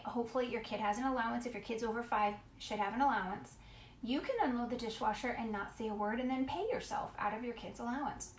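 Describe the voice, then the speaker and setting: A woman's voice: on the high side, roomy sound, a little hiss or hum. A woman parenting coach giving casual, emphatic advice and greeting viewers by name as she talks. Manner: chatty, emphatic, greets viewers mid-talk. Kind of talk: casual live-stream talk.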